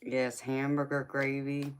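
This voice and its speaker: A woman chats casually with her livestream viewers. Her voice sits very low and she talks at an unhurried pace. She laughs often and calls people honey and sweetheart. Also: level tone, smooth. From United States. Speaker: livestream host.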